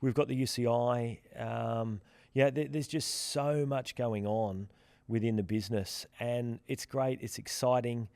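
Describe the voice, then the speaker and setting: A man co-hosting a casual podcast, his talk loose and rambling, full of restarts. His voice sits at an ordinary middle pitch. The recording is close and dry, with no room sound. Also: a little slow, creaky, clear, resonant tone, no echo. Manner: relaxed, rambling with many restarts and fillers. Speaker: podcast co-host from the platform's team.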